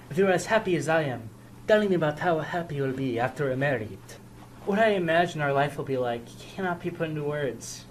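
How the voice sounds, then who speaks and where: A student performing every role in a homemade audio drama, swinging between hushed lines and loud outbursts. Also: medium pitch, a little hiss or hum, rough recording.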